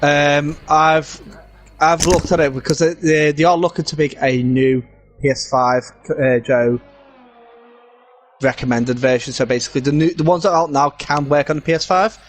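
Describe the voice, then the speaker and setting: A man's voice: a little high, steady tone, moderate pace, slight background noise. A man co-commentating a sim race stream in casual chat, easygoing and hesitant with frequent fillers, on a headset.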